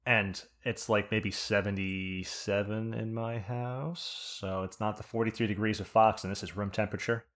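At a normal speed and with few pauses, a low-voiced man from New Jersey recounts a story on his podcast. The chat is casual, with plenty of swearing, and he animatedly plays out each person he quotes.

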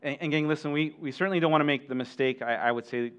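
A man's voice: on the high side, fast talker, a bit bright, clear, resonant tone, highs cut off. A man preaching a sermon as pastor, talking conversationally with asides to the congregation and frequent restarts.

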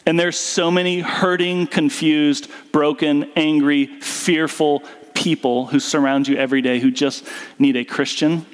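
This time the pastor speaks a little slowly in a fairly high, steady voice, still earnest and casual, with fillers and false starts. His sermon echoes through the sanctuary over guitar music and hall reverb.

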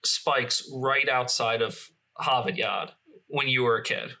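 A man co-hosting a podcast in casual chat, teasing his partner with wry, quick jokes. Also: medium pitch, steady tone, bright, forceful tone. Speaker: podcast co-host.

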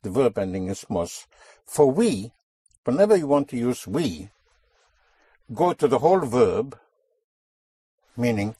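A man's voice: medium pitch, slightly rough, no room sound. A man teaching a Spanish lesson, patiently explaining grammar and repeating his students' answers back to them. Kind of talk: language lesson.

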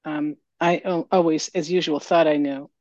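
A woman giving a candid, emotional share at a recovery meeting, halting with fillers, over a video call. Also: deep voice, steady tone, darkish tone, dry recording. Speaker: meeting member sharing. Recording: dull lo-fi video call audio.

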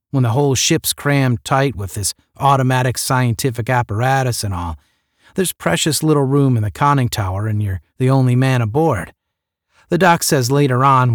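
A man's voice: medium pitch, dry recording, studio quality, close to an everyday voice. A man voicing a retired spaceman who talks in a casual, slangy way in an audiobook. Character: retired male spaceman, casual and rough-spoken.

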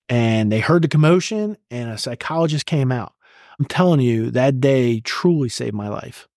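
Middle-aged us army vet, blunt and swears a lot, mid voice, dry close sound. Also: male voice, mid-range voice, lively intonation, normal speed, a little mellow, dry recording. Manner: blunt and profane, emotional retelling. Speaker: guest, retired command sergeant major. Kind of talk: candid interview storytelling.

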